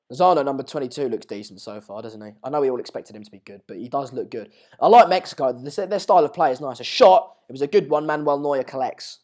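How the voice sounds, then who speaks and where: A young man, hosting a casual live match watch-along, reading out viewer comments in a chatty, rambling way and sounding slightly hoarse. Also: medium pitch, lively intonation, brisk, a little mellow. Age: late teens. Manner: chatty, rambling, restarts mid-sentence, calls viewers mate and pal. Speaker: live stream host.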